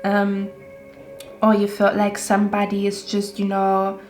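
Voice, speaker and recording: A woman's voice: mid-range voice, monotone, unhurried, darkish tone. Chatty woman tarot reader, echoey room. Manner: chatty, reassuring, often adds "okay?". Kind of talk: casual tarot reading to camera. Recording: roomy echo with faint music.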